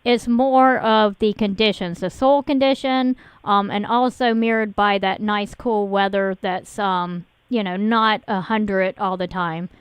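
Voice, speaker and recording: A woman's voice: medium pitch, steady tone, a little slow, hardly any pauses, smooth, dry recording. A woman hosting a call-in garden radio show, chatty and full of ums. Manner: chatty, many ums and uhs. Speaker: radio garden show host and nursery owner. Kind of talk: casual call-in radio chat. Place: radio studio.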